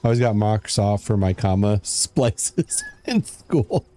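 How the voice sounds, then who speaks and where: A man's voice: on the low side, animated, measured pace, warm tone. A young man streaming a game, chatting casually, reading chat aloud and muttering as he plays. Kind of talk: casual gameplay commentary.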